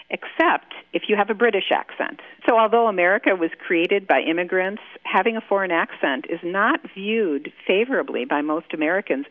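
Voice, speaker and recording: A woman accent coach explaining pronunciation clearly as a guest on a radio interview, slowing down to demonstrate sounds. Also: fairly low pitch, dry recording. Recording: tinny phone line.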